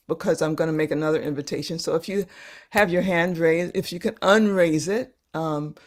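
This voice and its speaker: Woman facilitator, slightly low voice, gentle and halting delivery with repeated words, on a video call. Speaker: workshop facilitator. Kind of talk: leading a live online workshop.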